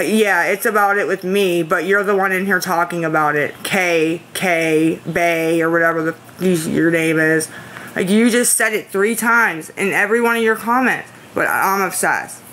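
A woman's voice: fairly low pitch, fairly bright tone, slight background noise. A woman livestreaming who answers viewer comments in casual chat, anxious, pleading and defensive, rambling and repeating herself. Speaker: livestreamer asking viewers for money.

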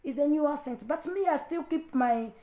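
A woman's voice: sits high, normal speed, dark tone. Scolding woman pastor with an African accent. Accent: African English. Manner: confrontational, scolding with rhetorical questions. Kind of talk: preaching to a live stream.

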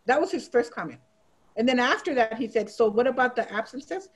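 A woman's voice: fairly high pitch, brisk, rough recording. A middle-aged woman teacher giving a training talk, telling classroom stories and acting out her students' voices. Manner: animated, acts out students' voices in quotes. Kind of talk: storytelling presentation.

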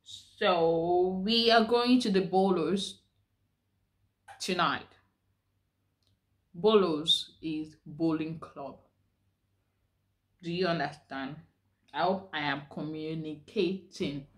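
A woman's voice: lowish voice, slow pace, long pauses. A woman from Nigeria chatting casually in a vlog, explaining slang while she does her makeup. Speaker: vlogger.

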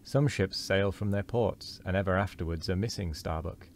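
A grim old sea captain speaks in slow, archaic, brooding lines, read aloud by a man. The voice sits very deep and steady. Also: a little hiss or hum. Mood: solemn. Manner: archaic solemn declamation.

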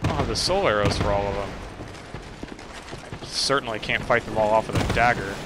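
Profane, excitable man playing a game. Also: on the low side, fairly quick, very noisy. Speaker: let's play gamer. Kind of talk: casual gameplay commentary. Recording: loud game sounds behind the voice.

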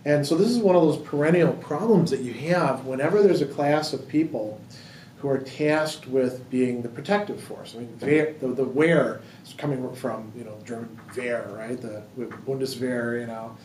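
This man's mid-range voice has a darkish tone and a moderate pace. He leads a casual book discussion in a library room, working through thoughts aloud with frequent fillers and restarts; the mic is distant, the hall roomy, the noise faint.

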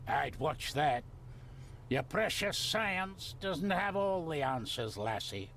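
A man with a Scottish accent playing a gruff, secretive gardener who clings to the old ways, speaking slowly and guardedly. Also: a little high, animated, fairly bright tone, a little hiss or hum, heavily acted. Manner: slow, guarded, dialect-heavy. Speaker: game character.

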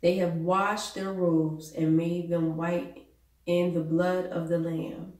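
A woman pastor preaching a sermon, reading Bible verses aloud in a deliberate way. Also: fairly low pitch, little pitch movement, a little mellow. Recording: echoey room, voice from a distance.

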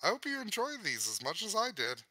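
A man's voice: high voice, huge pitch swings, fairly quick, sharp tone, no echo, rough recording. A man co-hosting a casual podcast, joking, crude and blunt. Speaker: podcast co-host.

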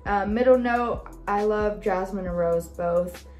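A woman's voice: mid-range voice, measured pace, a little mellow, faint music behind. A young woman chatting casually in a vlog, bubbly and full of fillers like "like" and "um". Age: young adult. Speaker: vlogger.

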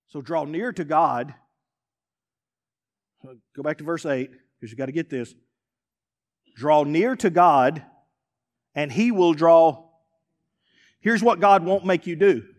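A man, a pastor preaching a sermon to a congregation in a church, emphatic and building to shouts. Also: a little high, slow pace, long pauses. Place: church sanctuary before a congregation.

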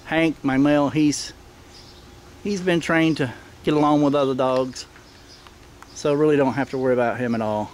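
A middle-aged man, filming himself outdoors in a backyard and explaining things plainly in a firm voice that turns sharp when he barks commands. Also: mid-range voice, fairly even intonation, moderate pace, long pauses, slight background noise. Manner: plain-spoken, firm commands with sudden sharp shouts at the dogs. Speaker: dog owner filming his own pack. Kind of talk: casual instructional narration. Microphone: handheld camera mic.

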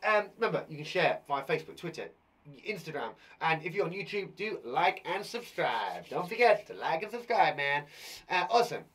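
A man's voice: a little high, fairly bright tone, breathy edge. A young man hosting a playful live online lesson for children. He chats to a toy monkey puppet as he teaches. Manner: bouncy and playful, talks to a puppet. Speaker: primary school teacher and host.

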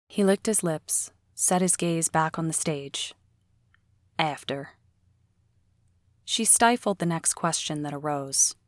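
A woman reading a novel aloud as an audiobook narrator, in a steady storytelling read. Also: sits low, dry recording, clean studio sound.

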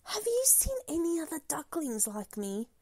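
A woman voicing a small, timid and lonely male duckling who speaks quietly and sadly. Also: sits high, very animated, moderate pace, dry recording, studio quality, voice pushed up. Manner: quiet, shy and sad.

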